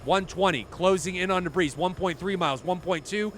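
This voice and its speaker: A man's voice: high-pitched, a little fast, a bit bright, slight background noise. A man giving live play-by-play commentary on a flight simulator match, chatty and often correcting himself. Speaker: esports commentator.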